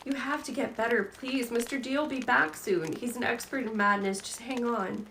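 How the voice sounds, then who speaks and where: Woman doing a teen girl coaxing softly, sad and gentle, a bit gravelly. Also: fairly high pitch, normal speed, echoey room, far from the mic, a little hiss or hum, voice pushed up, poor audio. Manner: soft, coaxing. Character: tough teenage girl speaking gently, near tears.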